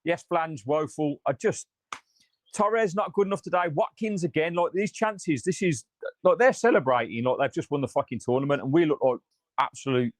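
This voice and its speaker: A man's voice: a little high, moderate pace, no echo. Frustrated sweary man. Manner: reads out viewer comments. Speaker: fan channel host. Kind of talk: live post-match reaction.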